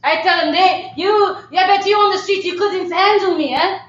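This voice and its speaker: Woman playing a defiant younger French sister, heavy fake French accent, slow and shrill, echoey stage. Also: completely flat delivery, a little mellow. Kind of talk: improv comedy scene. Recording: echoey theater, dull sound.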